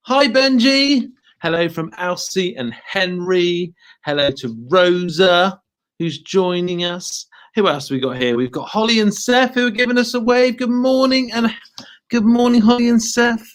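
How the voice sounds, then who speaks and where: A man's voice: high-pitched, a bit bright. A British man hosting a live school assembly as headteacher, cheerfully greeting viewers by name. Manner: cheerful, reads out viewers' hellos.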